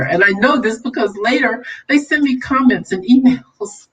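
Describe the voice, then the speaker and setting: A woman's voice: fairly high pitch, expressive, normal speed. A woman hosting a casual livestream, preaching and scolding with conviction, then turning chatty and laughing with her viewers. Her voice sits a little away from the microphone, so it sounds slightly distant. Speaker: vlog host. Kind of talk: livestream commentary.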